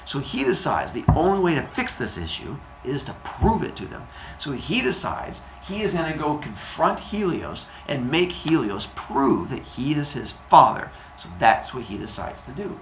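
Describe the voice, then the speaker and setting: A man casually retelling a myth for a podcast, animated and jokey. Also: fairly high pitch, normal speed, echoey room, a little hiss or hum, rough recording. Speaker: storyteller and podcast host.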